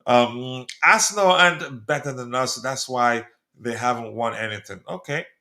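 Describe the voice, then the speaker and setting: A South African man whose first language is a local language rather than English hosts a live football debate stream. His mid-range voice is sharp in tone and runs at normal speed, and he chats away while reading viewer comments aloud and responding to them.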